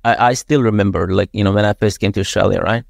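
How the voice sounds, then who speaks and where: A man's voice: fairly low pitch, fairly even intonation, fast talker, creaky, no echo. A man hosting a podcast, chatty, sharing his own stories and tagging lines with "right?". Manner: chatty, tags sentences with "right?". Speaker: podcast host. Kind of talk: casual podcast interview.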